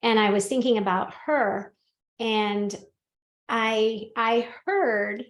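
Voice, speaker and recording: A woman hosting a podcast, telling a personal story in casual chat, animated and laughing often as she acts out what people said. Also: fairly high pitch, slow pace, roomy sound. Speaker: podcast host and medium.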